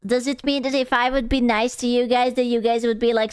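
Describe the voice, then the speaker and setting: A woman streamer giving casual, animated reaction commentary, gasping and laughing as she talks. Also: fairly high pitch, fairly quick, hardly any pauses, smooth, no echo. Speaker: VTuber streamer reacting to videos.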